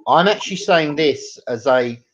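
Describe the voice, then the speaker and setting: A man's voice: a little high, expressive, normal speed, fairly bright tone, slight background noise. Opinionated British man, muffled audio. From Britain. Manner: opinionated, argumentative. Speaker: podcast host. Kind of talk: casual banter. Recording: dull lo-fi audio.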